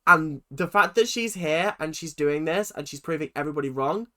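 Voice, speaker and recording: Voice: medium pitch, expressive, a little fast, very noisy. A host giving casual reaction commentary, emotional, swearing and exclaiming often.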